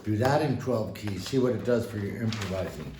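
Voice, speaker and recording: A man giving a casual piano lesson, relaxed and encouraging, with folksy asides as he plays. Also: on the low side, fairly quick, background noise. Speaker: piano teacher. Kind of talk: casual instructional talk at the piano. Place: room with a piano. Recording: roomy sound with piano under the voice.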